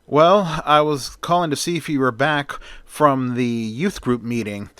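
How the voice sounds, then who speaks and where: A man voicing a wealthy young male crime-fighter who speaks calmly and earnestly, in his own mid-pitched voice, read dry. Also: a little slow, smooth, no room sound, natural voice.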